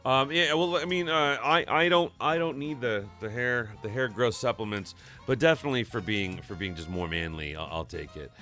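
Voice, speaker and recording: A man's voice: medium pitch, normal speed, hardly any pauses, bright, forceful tone, faint music behind. A man hosting a live stream in casual chat, upbeat and reading viewer messages aloud.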